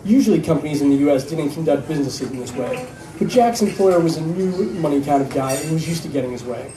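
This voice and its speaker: A man reads his fiction aloud at a live event, telling the story in a steady way. His voice is fairly high and mellow, caught from a distance in an echoey room with faint ambience behind. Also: fast, slight background noise. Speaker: author reading his novel.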